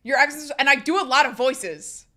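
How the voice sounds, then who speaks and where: A young American woman talks loosely on a live stream, laughing at herself and trailing off mid-thought. Her voice is bright and a little high, and she rambles with self-mocking humor. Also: normal speed. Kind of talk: casual live-stream chat.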